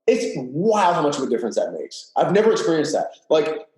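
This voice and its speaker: A man on a podcast recounts things in loose, candid chat, with lots of fillers and casual swearing. His voice sits a bit higher than most men's, and it rings around a roomy, echoey space. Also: very animated, brisk, a little mellow. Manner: candid, profane, filler-heavy storytelling. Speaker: podcast guest. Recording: roomy echo.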